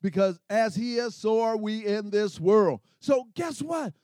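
High-voiced preacher, call-and-response. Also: male voice, expressive, measured pace, darkish tone, no room sound, clean studio sound. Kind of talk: sermon.

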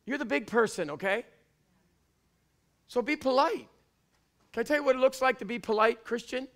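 A man from Canada with a Canadian accent, preaching a fiery sermon in church and often shouting. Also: extremely high pitch, normal speed. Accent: Canadian English. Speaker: pastor. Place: church before a congregation.

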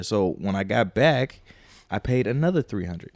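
A man's voice: on the low side, lively intonation, moderate pace, a little mellow, no room sound, studio quality. A man co-hosting a podcast, telling a long, profane story in a casual, rambling way and quoting people as he goes. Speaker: podcast co-host.

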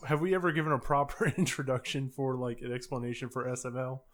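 A man's voice: mid-range voice, fast. A man co-hosting a casual podcast, hesitantly steering the conversation to a new topic. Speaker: podcast co-host.

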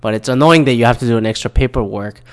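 A man's voice: mid-range voice, fast talker. A young man from Michigan hosting his own podcast, ranting casually with lots of swearing and stumbling restarts. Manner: profane, rambling, restarts often. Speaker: podcast host. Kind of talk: casual solo podcast rant.

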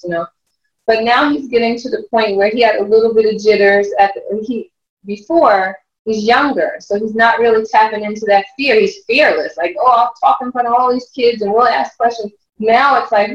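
A woman, a mother and life coach, telling stories in an interview, animated and often laughing as she acts out what others said. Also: fairly high pitch. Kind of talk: storytelling interview chat. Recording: roomy, distant, dull lo-fi sound.

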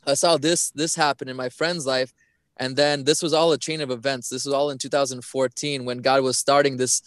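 A man's voice: medium pitch, a bit bright, smooth, dry recording. Earnest young man, dry close sound. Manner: earnest, repeats and restarts phrases. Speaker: podcast guest. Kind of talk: personal testimony.

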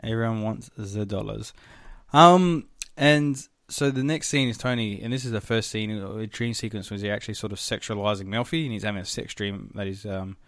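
A man's voice: fairly low pitch, normal speed, hardly any pauses, fairly bright tone, no room sound, studio quality. A man co-hosting a podcast, recapping a TV episode in rambling casual chat, swearing freely. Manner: rambling and profane, with filler words. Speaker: podcast co-host.

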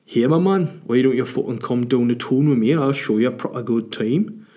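A man putting on a loud, hearty footballer who swears as he greets a teammate. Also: mid-range voice, fairly quick, natural voice.

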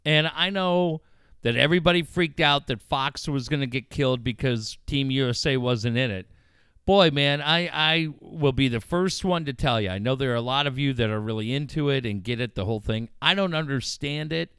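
Excitable man, smooth voice, dry sound. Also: moderate pace, no room sound. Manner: excitable, swears freely, acts out quotes with big pitch jumps. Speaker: radio show host. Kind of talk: casual on-air chat.

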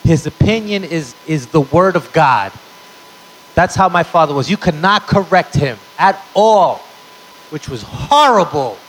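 Doing a stand-up set before a live audience, a young man tells brash, profane, punchy stories a little slowly in an expressive voice that is on the high side and a bit bright. The rough recording picks up a little hiss or hum.

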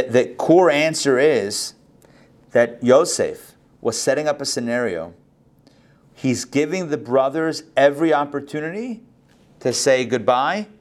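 A male rabbi giving a live Torah lesson. He talks in an animated, storytelling way and acts out the biblical characters' lines. He often stumbles and restarts his phrases as he goes. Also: medium pitch.

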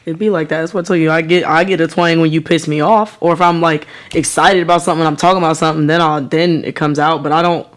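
A woman's voice: sits low, quick pace, few pauses. A woman co-hosting a podcast, chatting casually, swearing a lot and doing voices when she tells stories. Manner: swearing, animated storytelling with put-on voices. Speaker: podcast co-host. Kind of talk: casual chat.

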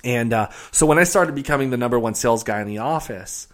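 A man guest on a podcast, telling a story in a casual, animated way with many restarts. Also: mid-range voice, quick pace. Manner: animated, lots of fillers and restarts. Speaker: podcast guest, real estate investor.

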